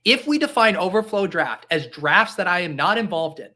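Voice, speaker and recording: Guy streaming from his basement, bright voice, jokey and mock-serious. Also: sits high, big pitch swings, normal speed. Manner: joking, mock-earnest, reads chat aloud. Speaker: fantasy football streamer. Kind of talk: casual livestream chat. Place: home basement.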